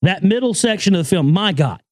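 A man's voice: high-pitched, animated, a little fast, darkish tone, dry recording. A man hosting a casual monologue, talking emphatically and profanely, often repeating his words. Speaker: podcast host and filmmaker.

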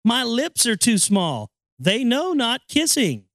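A man doing a coy, falsetto young goddess. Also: wildly swooping pitch, slow pace, fairly bright tone, no room sound, studio quality, heavily acted. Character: shy young goddess maiden, reluctant.

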